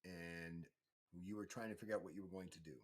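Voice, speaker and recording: A man's voice: deep voice, brisk. Man narrating a tabletop game. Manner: relaxed, rambling, frequent restarts. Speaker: game master.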